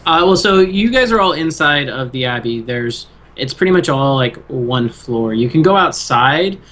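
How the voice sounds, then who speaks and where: A man narrating as game master of an online tabletop session, unhurried and full of ums and uhs. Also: mid-range voice. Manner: relaxed, hesitant narration with many fillers.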